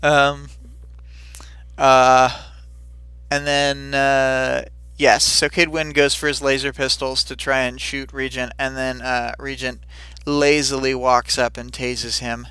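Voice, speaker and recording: A man's voice: mid-range voice, little pitch movement, slow, bright, forceful tone, smooth, dry recording. A man casually recapping a story chapter on a livestream, rambling with many fillers and brief silly voices for the characters. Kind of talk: casual recap of a fight scene.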